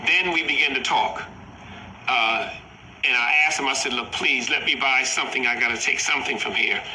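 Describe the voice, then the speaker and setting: A man recounting a personal encounter in a halting storytelling manner, often repeating "he said". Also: mid-range voice, pushed and bright. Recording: echoey room with faint noise.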